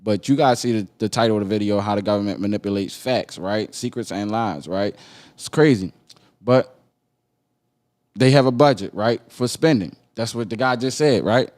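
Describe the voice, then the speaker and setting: A man with a Baltimore accent hosting a podcast, reacting to a video in animated casual commentary, repeating himself and asking "right?". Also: lowish voice, moderate pace. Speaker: podcast host.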